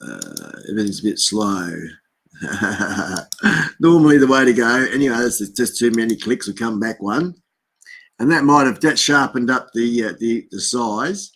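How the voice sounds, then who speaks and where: A man's voice: medium pitch, very animated, a little slow, vocal fry, fairly bright tone, slightly rough. An Australian man hosting a casual live stream, chatting and rambling to himself while he adjusts his camera and screens. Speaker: livestream host.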